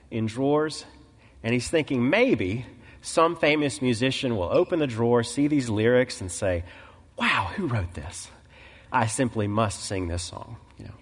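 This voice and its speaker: A man with a lowish voice delivers a sermon in storytelling mode, shifting into the voices of the people he quotes. He clears his throat now and then. His voice rings out with a long reverb, as in a church sanctuary. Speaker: pastor.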